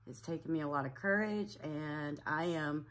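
Nervy teary lady vlogging at home to her camera, lowish voice, lots of ums. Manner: nervous, emotional, halting with fillers. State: tearful, shaky voice. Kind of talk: personal vlog. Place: home room, sitting at own camera. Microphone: camera mic.

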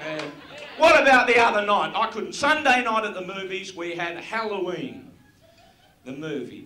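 A man's voice: high-pitched, animated, moderate pace, sharp tone, slight background noise. A man with an Australian accent doing a crude live stand-up routine, joking at the crowd. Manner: crude, brash jokes aimed at the crowd. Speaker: stand-up comedian. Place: stage in front of a live audience. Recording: roomy live venue recording with audience.

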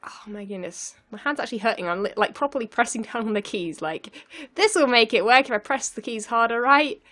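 Speaking briskly in a slightly high, fairly bright, animated voice, a young woman comments live on her let's play session. She gets flustered, talks to herself as she goes, and laughs a lot.

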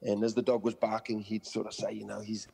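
A dog trainer, interviewed on a podcast, tells animated stories and acts out the voices of people and dogs. His lowish, gravelly voice moves briskly, recorded in a large hall with a little hiss or hum.

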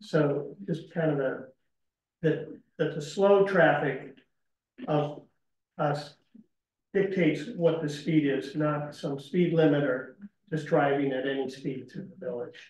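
A man on a committee explaining a point at a public meeting in a deliberate way. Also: on the high side, fairly even intonation, darkish tone. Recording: distant, echoey meeting room.

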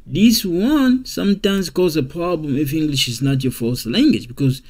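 Slow-paced man teaching grammar. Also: a little high, darkish tone. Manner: repeats example sentences slowly, with many fillers. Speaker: English teacher. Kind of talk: slow classroom grammar lesson.

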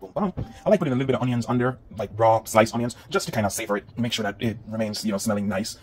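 A man from Jamaica with a Jamaican accent chats upbeat to viewers while cooking dinner at home for his cooking vlog. His voice is fairly low and rapid-fire. There's slight background noise, with a pan sizzling loudly in the home kitchen.

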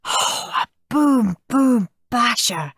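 A woman voicing a cheeky, mischievous young boy who is loud, boastful and gleeful. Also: high-pitched, big pitch swings, takes it slowly, no room sound, clean studio sound, pitched above the performer's own voice, exaggerated voice.

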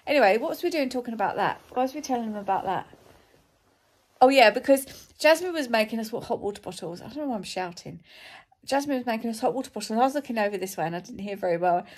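A woman's voice: a little high, animated, quick pace. A woman chatting to camera in a casual vlog, tired and giddy, a chatty storyteller who laughs a lot. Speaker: vlogger.

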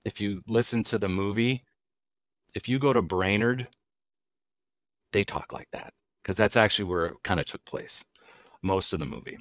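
Man, middle-aged, low voice, dry close mic, relaxed podcast guest, storytelling, answers his own questions. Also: normal speed, pauses often, no echo. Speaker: guest, wild game chef. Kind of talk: casual podcast conversation.

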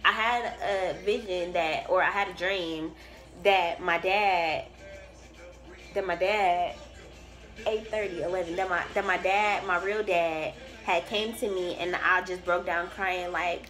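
A woman's voice: on the low side, fairly even intonation, a little slow, a bit bright, soft background music. A woman giving a casual tarot reading to camera. She talks in an emphatic, profane and preachy way, rambling and restarting her sentences. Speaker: tarot reader.

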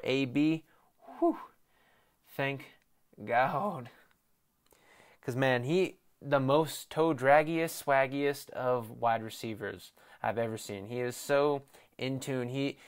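A man's voice: medium pitch, clear, resonant tone. A young man hosting a casual sports talk show, rambling off the cuff and swearing as he mocks a rival team. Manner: profane, excitable, mocking rival team; self-deprecating, off the cuff. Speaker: sports podcast host.

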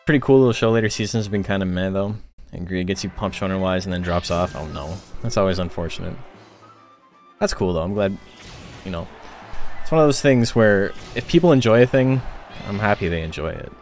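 Low-voiced man chatting casually on stream. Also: brisk, darkish tone, soft background music. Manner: chatty, rambling, frequent filler words. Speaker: tournament commentator and streamer.

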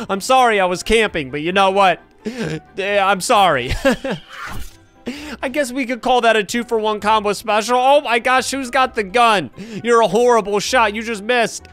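A young man giving excited gameplay commentary, laughing often and yelling at other players. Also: high voice, normal speed, faint music behind. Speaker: gaming YouTuber.

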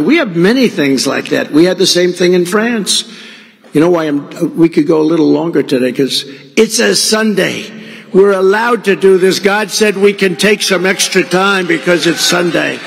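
A man's voice: fairly high pitch, normal speed, gravelly, big-room sound. Man rambling at a rally. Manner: rambling storytelling with acted-out quoted dialogue. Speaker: political candidate. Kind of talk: off-the-cuff rally speech. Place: large venue.

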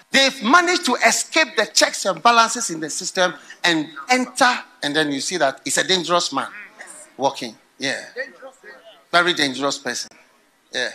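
A middle-aged man preaching a sermon, telling stories with animated swings into loud, laughing outbursts. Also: high-pitched. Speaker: pastor.

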